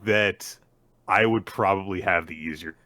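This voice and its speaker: A man co-hosting a podcast in casual chat, hesitant but lively when telling a story. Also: low-pitched, unhurried, no echo. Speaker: podcast co-host.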